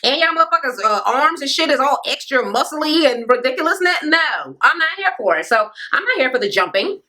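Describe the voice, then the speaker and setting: A woman's voice: high voice, big pitch swings, a little fast, pushed and bright. Sassy, profane woman ranting a recap. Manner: blunt, profane and sassy, acts out quotes. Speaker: reality TV recap vlogger. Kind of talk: casual recap rant.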